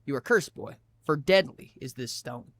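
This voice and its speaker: A man voicing a cold, cryptic male carriage driver in a story he reads aloud, speaking low, soft and slow. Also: animated, natural voice. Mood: ominous.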